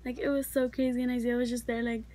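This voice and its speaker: A teenage girl tells a story in a casual, rambling way, her voice sitting high. She talks in a chatty rush, packed with fillers. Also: level tone, fast, mellow. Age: teens. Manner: chatty, filler-heavy, many likes. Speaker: vlogger.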